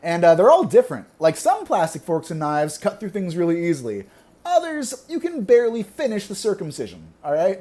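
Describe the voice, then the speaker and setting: A young man performing a stand-up comedy set, delivering deadpan one-liners and laughing at his own jokes. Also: sits high.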